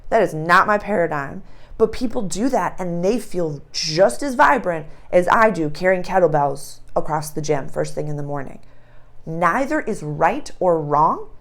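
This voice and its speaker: Animated woman telling a spiritual story. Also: fairly low pitch, moderate pace. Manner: animated storytelling, acts out voices. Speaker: astrology channel host. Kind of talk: casual spiritual monologue.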